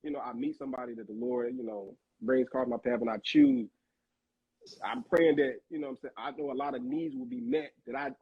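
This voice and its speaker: A man's voice: mid-range voice, animated, a little fast, vocal fry, breathy edge, dull audio. A man hosting a casual discussion, talking in a rambling, searching way and often repeating himself. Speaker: host. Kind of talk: casual faith-minded discussion.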